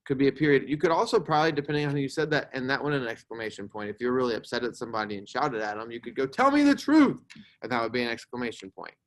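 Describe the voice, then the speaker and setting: A man's voice: medium pitch, steady tone, very fast, few pauses. A young man teaching a grammar lesson to a class, explaining patiently and checking in with "right?" as he goes.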